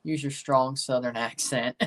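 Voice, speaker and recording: Here the soccer-kit ranking streamer sounds steady and medium-pitched, speaking at a measured pace far from the microphone. It's relaxed livestream talk: he wanders off-mic, chats with his audience, and grows loud and forceful when delivering verdicts.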